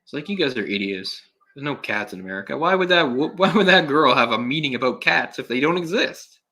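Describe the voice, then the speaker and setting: A man's voice: mid-range voice, expressive, brisk, bright, forceful tone. A young man giving casual, sarcastic live commentary on a film, exasperated and swearing at times. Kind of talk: solo live movie commentary.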